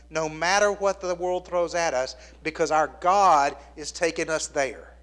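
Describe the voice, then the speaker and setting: A man in his fifties preaching a sermon, telling a story in an earnest, conversational way and dropping to a hushed near-whisper at tender points. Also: a little high. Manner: plainspoken and conversational with the congregation. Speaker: pastor.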